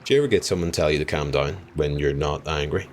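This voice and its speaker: Low-voiced Irish man streaming a game. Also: fast, slight background noise. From Ireland. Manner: chatty, laughs often, apologetic. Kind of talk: live gameplay commentary chatting with viewers.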